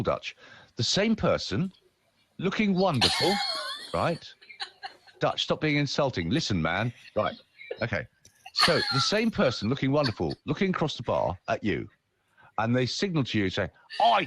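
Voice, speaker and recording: Voice-over man, low and very lively in pitch, dry close mic, playful and theatrical. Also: no echo. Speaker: voice-over artist and speaker. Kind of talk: podcast conversation.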